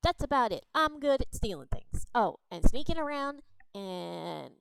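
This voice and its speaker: A woman's voice: fairly high pitch, big pitch swings, unhurried, creaky, clear, resonant tone, no echo, full character voice. A woman voicing a perky little male goblin thief who brags in a chirpy, eager way.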